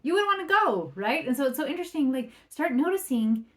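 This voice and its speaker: A woman's voice: sits high, very animated, fast. A woman parenting coach talking on her solo podcast in a conversational way, often checking in with "right?". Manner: acts out quoted remarks in a livelier or softer voice.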